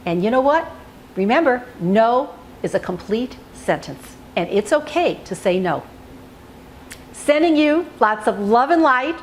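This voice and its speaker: Gentle woman teaching self-help calmly. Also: fairly high pitch, unhurried, slight background noise. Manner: gentle, soothing, repeats key phrases. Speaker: self-help video host.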